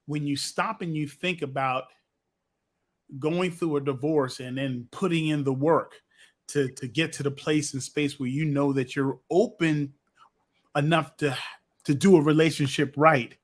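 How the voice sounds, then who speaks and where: A man's voice: on the high side, fairly even intonation, measured pace, long pauses. A man co-hosting a casual talk show, telling stories in an earnest, preacherly way. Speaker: podcast co-host. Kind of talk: casual chat.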